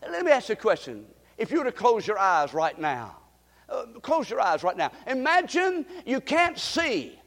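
A man's voice: high voice, huge pitch swings, normal speed, a bit bright. A man preaching a sermon, telling folksy stories and calling on the congregation to answer back. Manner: preaching with call-and-response to the congregation; folksy storytelling with frequent restarts. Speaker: pastor. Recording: long reverb of a church hall.

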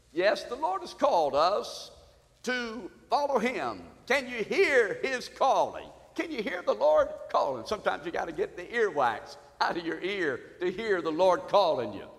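A man delivering a sermon from the pulpit, pastoral and urgent, his exhortations climbing in intensity. His voice sits a little high for a man. The sound carries a long, lingering reverb from the sanctuary. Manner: fervent, rising to exhortation. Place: church sanctuary.

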